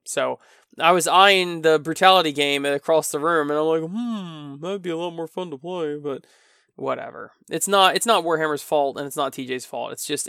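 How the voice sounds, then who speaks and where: Man, podcast host, gravelly fry, smooth resonant tone, rambling exasperated rant, slightly tipsy. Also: a little high, fairly bright tone, no echo, studio quality. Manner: rambling, exasperated ranting with self-interruptions. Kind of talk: casual solo podcast chat.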